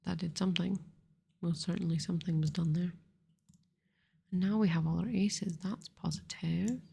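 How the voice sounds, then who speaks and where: A woman murmurs soft-spoken ASMR commentary close to the microphone, half whispering as she talks herself through each move. Her voice is low, warm and mellow, with a gravelly fry and a very airy, husky texture. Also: steady tone, moderate pace. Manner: softly whispered, rambling self-talk. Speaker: ASMR gaming channel host.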